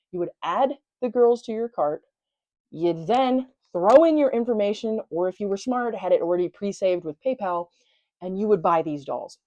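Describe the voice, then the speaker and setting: Southern woman rambling excitedly about her dolls, low-ish voice, dead dry room. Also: no room sound, highs cut off. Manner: chatty, animated, with swearing and playful slang. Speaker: doll collector vlogger. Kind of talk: casual chat showing a collection.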